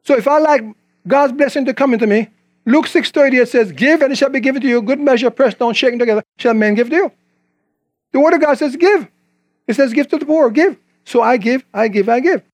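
A man's voice: very high voice, fast talker, dry recording, studio quality. A man preaching a sermon in a conversational way, quoting scripture and asking the congregation questions.

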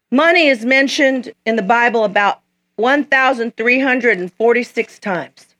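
A woman's voice: fairly high pitch, a bit bright. A woman preacher delivering a sermon, emphatic and repetitive as she tells stories.

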